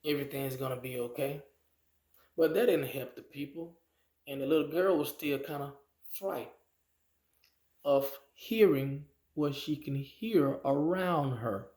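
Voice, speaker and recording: A man preaching a sermon as a slow, drawn-out story with folksy grammar. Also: medium pitch, darkish tone, roomy sound.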